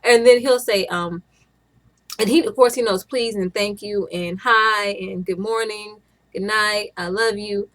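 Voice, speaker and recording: A woman's voice: medium pitch, steady tone, measured pace, a bit bright. Young woman, casual vlogger, chatty and meandering, mid-range voice. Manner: chatty, rambling, with frequent restarts and laughs. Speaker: stay-at-home mom vlogger. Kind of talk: casual chat to camera.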